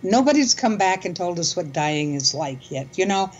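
An older woman in a casual conversation, speaking in a calm, measured way and telling stories. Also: on the low side, lo-fi sound, slight background noise.

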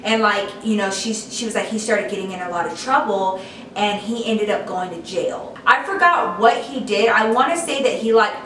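Speaking at medium pitch and a moderate pace, a young woman vlogger chats her way through a story, saying "like" a lot. Her tone is fairly bright, and the distant recording in an echoey room carries slight background noise.

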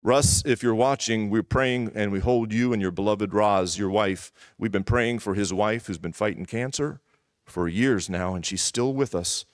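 A middle-aged male pastor giving a sermon in church, emphatic and repeating key phrases, sometimes dropping to a hushed voice. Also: fairly low pitch, moderate pace, no room sound.

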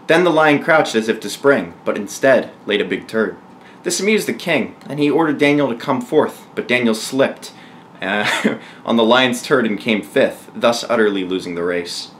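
A man's voice: lowish voice, fairly bright tone, slight background noise. A man reading a bawdy mock-biblical tale aloud, chuckling his way through the punchlines. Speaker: storyteller.

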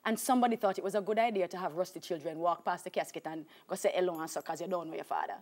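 A woman's voice: on the low side, rapid-fire. A woman with a Jamaican accent, a talk show guest telling her life story with emphatic repetition. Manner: animated storyteller, acts out voices, emphatic repetition.

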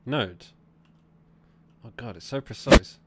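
A man's voice: mid-range voice, slow, heavy background noise. A man giving jumpy horror gameplay commentary, reading the game's text aloud and reacting with laughs and swearing. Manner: reads on-screen game text aloud. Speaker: gaming YouTuber. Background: game music.

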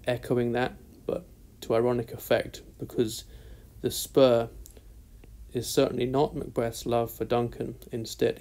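A British man giving a recorded literature lesson at an unhurried pace. His voice has a gravelly edge and stays fairly flat in pitch. He sets out each point deliberately and stresses the key words. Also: rough recording. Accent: British English. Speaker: literature teacher.

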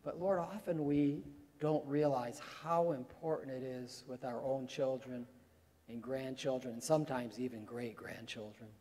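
A pastor preaches a sermon in a church sanctuary, speaking conversationally before rising to emphatic peaks. His mid-range voice is warm and a little slow, with fairly even intonation, and the recording carries a long hall reverb.

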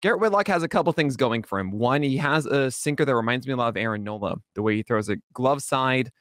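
A man joining a podcast as a guest analyst, sounding eager and upbeat as he explains his picks. His voice sits at an ordinary pitch and the recording is dry and close. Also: fast talker, fairly bright tone, no room sound. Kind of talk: analytical chat and product plug.

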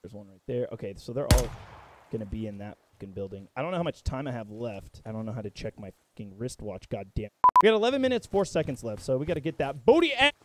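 A young man giving excitable, profane gameplay commentary, breaking into yelps and shouts as he plays. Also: mid-range voice, quick pace, very noisy. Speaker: gaming content creator.

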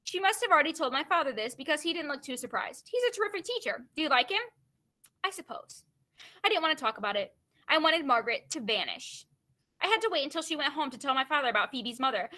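A young woman teacher reads a novel aloud to her class, her voice high and bright. She stops often for chatty asides full of "like" and "you know.". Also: fast talker. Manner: casual asides full of "like" and "you know" between expressive reading. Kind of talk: read-aloud with commentary.

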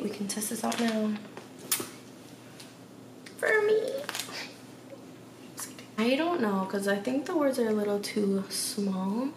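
A woman's voice: a little high, animated, slow pace, pauses often. A woman vlogging at home in a chatty, sassy, slangy way, talking straight to her viewers. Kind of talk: casual vlog chat. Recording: echoey room, distant from mic, noisy.

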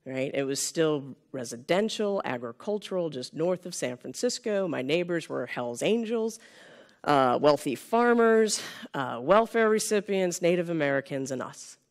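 Her low voice is animated and moderately paced as she gives a keynote at a conference. The Sonoma County, California native, in her fifties, chats with the live audience in the room and regularly checks in with a "right?"

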